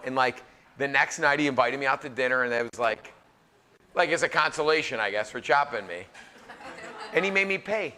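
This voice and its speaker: A man in his forties, a chef, telling funny stories live to a crowd in a casual, animated way. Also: medium pitch, fairly quick, long pauses, slight background noise. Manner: animated, joking, filler-heavy. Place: live event venue.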